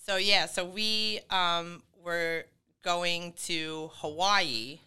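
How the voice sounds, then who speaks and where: A woman's voice: on the low side, drawn-out words, pushed and bright, smooth. A middle-aged woman telling her story as a podcast guest, talking casually with lots of fillers and laughs. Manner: chatty, full of fillers and laughs.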